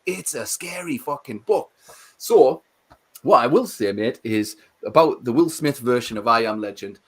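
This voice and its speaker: A man co-hosting a casual livestream, talking in an animated, swearing rush. His pitch leaps up when he gets worked up, then drops back to an everyday chatty tone. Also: moderate pace, slightly rough. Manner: animated, swearing, rants with emphasis. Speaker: co-host.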